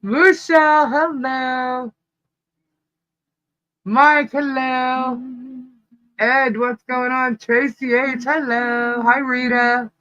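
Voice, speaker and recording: Slow-talking woman greeting live viewers. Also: high voice, fairly even intonation, fairly bright tone, highs cut off. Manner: slowly greets viewers one by one, laughs often. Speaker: live-stream co-host. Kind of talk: casual live-stream chat.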